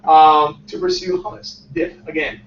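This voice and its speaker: A man in his twenties, a startup founder giving a casual motivational talk to a room, energetic and often tagging his points with "right?". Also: a little high, unhurried, creaky, a little hiss or hum. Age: 20s. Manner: energetic, peppers lines with "right?". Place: lecture room. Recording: echoey muffled room sound from far off.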